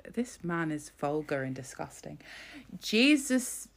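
A woman in casual commentary, talking bluntly and scornfully and swearing freely. Her voice sits a bit low and has a gravelly fry. She fills her pauses with "um". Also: fairly bright tone.

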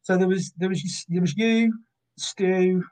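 A man's voice: high-pitched, a little slow, a little mellow, low-quality recording. A Cornish man in his fifties, a guest recalling details precisely, with many hesitant fillers. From Cornwall, England. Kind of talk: casual chat.

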